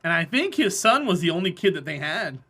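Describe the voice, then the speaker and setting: A woman's voice: fairly low pitch, very animated, fairly quick, a bit bright, slightly rough. A woman streaming a game live and chatting casually with viewers, blunt and opinionated as she answers them by name. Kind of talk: casual live-stream chat while gaming.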